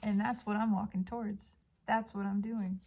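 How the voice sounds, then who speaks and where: A woman doing an intuitive tarot reading at home, gushing and dreamy, often dropping into soft whispers. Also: medium pitch, steady tone, normal speed. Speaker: tarot reader. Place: home by a balcony.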